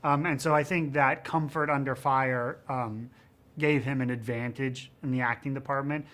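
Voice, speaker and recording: A man in his thirties, a film director giving a promotional interview, rambling with many fillers and growing animated as he tells stories from the set. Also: mid-range voice, normal speed. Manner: rambling, frequent "you know what I mean" and "um"; gets animated and louder telling set stories.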